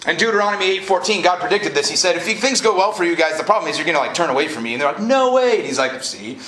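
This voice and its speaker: A man preaching a lively, casual sermon to a college group, joking and then rising to emphatic peaks. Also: on the high side, racing. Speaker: pastor. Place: college event hall. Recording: live room echo, faint noise.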